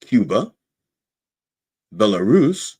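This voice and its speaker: Man, podcast host, low voice, very animated pitch, sarcastic, profane, satirical rant. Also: very slow, breathy edge. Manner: sarcastic, profane, punctuates points with "okay?". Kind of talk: satirical political monologue.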